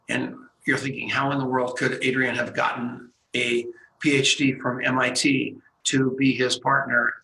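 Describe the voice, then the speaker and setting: A man hosting a radio talk show, telling an excited story with acted-out dialogue. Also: mid-range voice, vocal fry, reverberant, slight background noise, low-quality recording. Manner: excited, animated storyteller who acts out dialogue.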